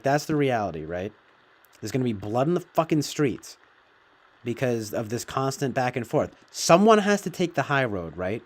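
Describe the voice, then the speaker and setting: A man talks loosely and at length, circling back on himself with "you know" and "right?" and swearing freely. His voice sits at an ordinary middle pitch. He sounds like a streamer thinking out loud to his audience. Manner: profane, meandering, filler-heavy. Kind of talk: casual rambling commentary.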